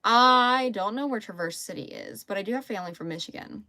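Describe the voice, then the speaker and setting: A young woman with a Southern American accent talks casually through a live crafting stream. She is chatty and easygoing, answers viewer comments and laughs easily. Her voice sits at an ordinary middle pitch. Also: a little fast, bright, forceful tone, no room sound. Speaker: crochet livestreamer.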